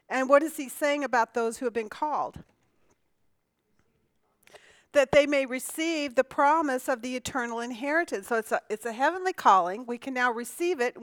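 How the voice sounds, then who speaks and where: A woman's voice: a little high, fairly bright tone, dry recording. A woman teaching a conversational Bible lesson. She asks the class questions, answers them herself and often restarts her sentences.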